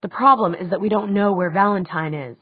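A woman's voice: mid-range voice, fairly quick, breathy edge, no echo, phone-quality sound, natural voice. A woman reading the part of a practical middle-aged man who leads a wolf pack, in a dry, matter-of-fact way. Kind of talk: audiobook character voice.

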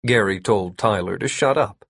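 A man narrating a comic fantasy story in an even, measured storytelling manner. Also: lowish voice, vocal fry, husky, dry recording, clean studio sound. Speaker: audiobook narrator.

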